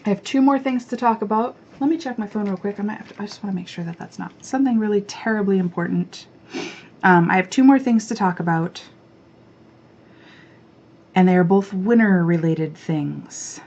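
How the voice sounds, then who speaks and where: A woman hosting a knitting podcast, chatting casually to camera, excitable and chatty, and she swears freely when she rants. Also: mid-range voice, normal speed, lo-fi sound.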